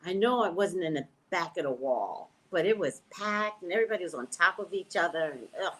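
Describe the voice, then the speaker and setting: A woman's voice: fairly low pitch, lively intonation, fairly quick. A middle-aged woman, a psychic reader, chatting casually with her live-stream viewers, exclaiming and laughing often.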